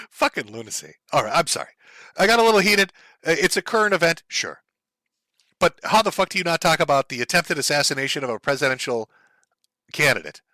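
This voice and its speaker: A man's voice: fairly high pitch, animated, brisk, pauses often, sharp tone, no echo. A man hosting a livestream, ranting in a heated, profane and sarcastic way about current events. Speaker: streamer host.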